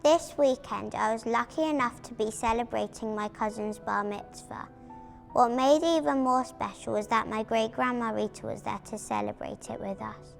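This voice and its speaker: A woman reading a prepared family account aloud at a memorial event, steady and careful. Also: fairly high pitch, normal speed, vocal fry, faint music behind. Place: community arts venue.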